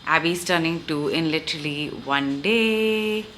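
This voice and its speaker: A young woman vlogging casually, with a raspy morning voice and a chatty, affectionate way of talking to her viewers and her baby. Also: sits low, measured pace, fairly bright tone, slight background noise. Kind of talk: casual vlog chat. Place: out at a mall, then at home.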